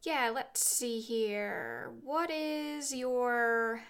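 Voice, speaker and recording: A woman appearing as a podcast guest in casual chat, explaining things in a clear and organized way. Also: fairly high pitch, lively intonation, very slow.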